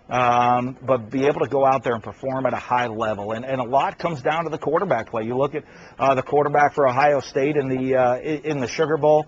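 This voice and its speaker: A man who coaches college football giving an earnest radio interview, halting, with many fillers. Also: medium pitch, dull audio, a little hiss or hum.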